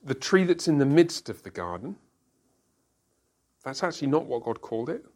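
A man's voice: medium pitch, sing-song, moderate pace. A man leading a Bible study group. He asks the group questions and explains each point step by step, using everyday examples.

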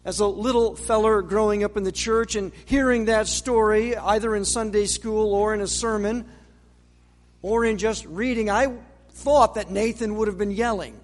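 Man, preacher, high-pitched, unhurried, rhetorical questions, long hall reverb. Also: steady tone. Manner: measured, dramatic pauses, rhetorical questions. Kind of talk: sermon.

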